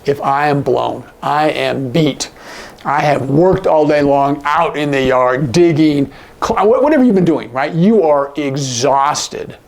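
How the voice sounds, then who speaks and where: A man teaching sign language in a casual, animated way, acting out example lines with big jumps in his voice. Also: a little high, unhurried, creaky. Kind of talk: casual instructional talk.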